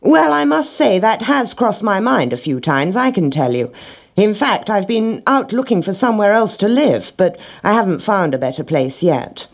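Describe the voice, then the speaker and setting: A woman doing a smug clever storybook rat up high and husky, sly and pleased with himself, words bouncing all over the place. he only ever thinks of himself and says so without a blush. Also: big pitch swings, moderate pace. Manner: smug, knowing. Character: sly clever male rat, self-serving.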